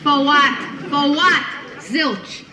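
A woman's voice: high-pitched, very slow, sharp tone, heavily acted. An actress playing a brash, exasperated working-class young woman in a 1970s sitcom, with a Bronx accent and a wisecracking manner. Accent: New York, Bronx. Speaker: sitcom character. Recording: echoey old TV clip with noise.

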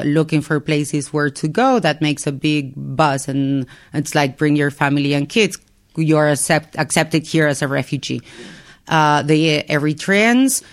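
A woman rabbi, a guest on the show, explaining her work in a measured way with pauses and restarts. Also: sits low. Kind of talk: explaining in a podcast interview.

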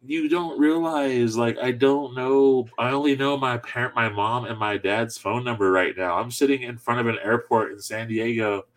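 A man telling a story in casual chat, animated and laughing often as he goes. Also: mid-range voice, moderate pace, few pauses.

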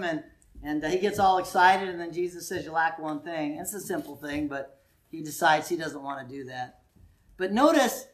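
A man preaching a sermon in a conversational, animated way, with sudden quiet asides. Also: high voice. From United States.

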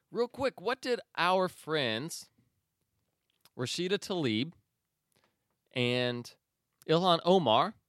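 A man hosting a news commentary podcast, opinionated and sarcastic, often pausing with fillers and restarts. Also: medium pitch, a bit bright, clear, resonant tone, no echo, clean studio sound. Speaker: podcast host.

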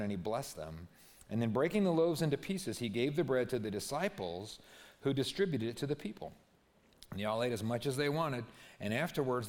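A man preaching a sermon as pastor, telling a story expressively and dropping to a near-hush on key words. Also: mid-range voice. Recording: long hall reverb.

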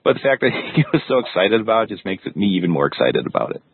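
A man's voice: on the low side, very animated, racing, husky, no room sound. A man hosting a podcast, thanking and introducing guests in an upbeat casual way. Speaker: podcast host. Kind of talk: casual interview chat. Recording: dry tinny phone-like line.

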